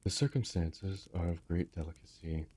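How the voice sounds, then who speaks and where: A man narrating a classic story in a measured, even manner. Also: sits low, slightly rough. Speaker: audiobook reader. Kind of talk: reading a classic story aloud.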